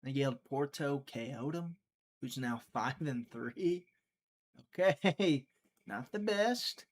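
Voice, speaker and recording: A man's voice: mid-range voice, animated, takes it slowly. A man from Mississippi, hosting a casual livestream and thinking aloud in a rambling, sarcastic way. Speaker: livestream host making fight picks.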